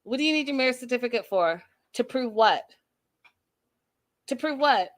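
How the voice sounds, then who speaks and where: A woman hosting a casual recap show in a fairly high voice. She talks bluntly and sassily and swears freely. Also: lively intonation, moderate pace. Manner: blunt, sassy, profane. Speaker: host.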